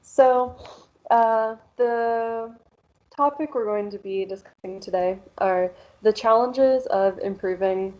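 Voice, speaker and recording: Woman w/ a central pennsylvania accent teaching pronunciation, talks slow, lots of ums, kinda muffled recording. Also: mid-range voice, a little mellow. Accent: Central Pennsylvania American. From Central Pennsylvania, USA. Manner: explanatory, measured, with frequent "um" and "so", light laughs. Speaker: workshop presenter. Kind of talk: pronunciation workshop talk.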